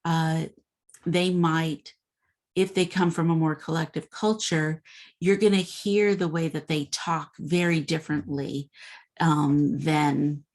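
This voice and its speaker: Low-voiced woman lecturing casually. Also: steady tone, takes it slowly, darkish tone. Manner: conversational, with frequent fillers. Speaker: instructor. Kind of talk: informal recorded lecture.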